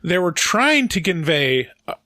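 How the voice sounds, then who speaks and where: A man co-hosting a casual podcast film review, rambling and halting with fillers as he recounts scenes. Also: sits high, sing-song, pushed and bright, no echo, studio quality. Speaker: podcast co-host.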